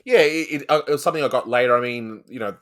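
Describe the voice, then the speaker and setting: A man's voice: mid-range voice, very fast, a bit bright. A man hosting a casual cartoon review chat, talking loosely with fillers. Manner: chatty, many fillers and laughs. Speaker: host.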